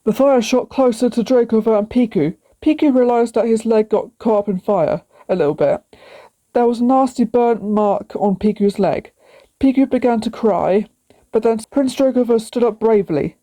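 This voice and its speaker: A woman's voice: fairly high pitch, normal speed, warm tone. Woman reading a storybook aloud. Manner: simple plain reading with small slips. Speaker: storybook reader.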